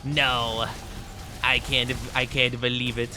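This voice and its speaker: Over a noisy background, this gaming streamer talks slowly with a flat, medium-pitched delivery. He keeps up casual, joking, self-mocking banter with his viewers while he plays.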